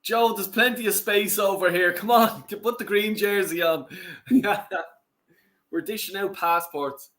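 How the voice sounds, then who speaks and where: An Irish man hosts a casual football watch-along, his voice bright and forward. He gets excitable with the game and swears loudly at the players. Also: sits high, slow.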